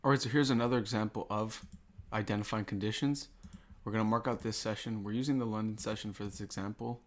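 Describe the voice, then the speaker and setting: A man's voice: lowish voice, steady tone, quick pace. A man teaching trading over a chart walkthrough, asking rhetorical questions and repeating key points. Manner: rhetorical questions, repetitive explaining. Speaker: trading educator. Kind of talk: screen-recorded chart walkthrough.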